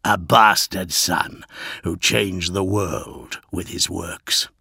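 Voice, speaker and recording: A man voicing a brooding male warlord, grave and proud, speaking low, slow and measured in an audiobook reading. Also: gravelly, pushed and bright, husky, dry recording, clean studio sound, heavily acted.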